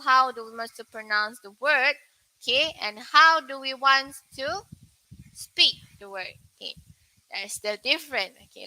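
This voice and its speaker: A young woman with a Malaysian English accent leads a pronunciation lesson, saying words slowly as models and putting questions to viewers. Her voice is fairly high, bright, and forceful, and the audio quality is poor.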